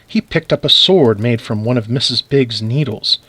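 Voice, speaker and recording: A man reads a children's story aloud in an animated, expressive way. His mid-range voice moves at a moderate pace, and the recording is dry.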